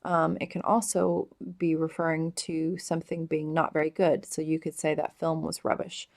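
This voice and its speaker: A woman explaining slang words in a casual vlog, hesitant and full of drawn-out ums. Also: low voice, little pitch movement, creaky, darkish tone. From United States. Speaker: vlogger explaining British slang.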